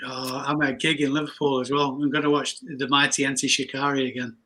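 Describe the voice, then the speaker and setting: A man's voice: medium pitch, level tone, fast, pushed and bright, poor audio. A man hosting a casual live chat, talking in a chatty way with frequent restarts. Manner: chatty, restarts often, laughs easily. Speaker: host.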